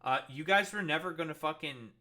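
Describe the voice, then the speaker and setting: A man's voice: on the high side, brisk, bright, forceful tone. A man reading news articles aloud and breaking off into exasperated, profane rants, with lots of filler words. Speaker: political commentator.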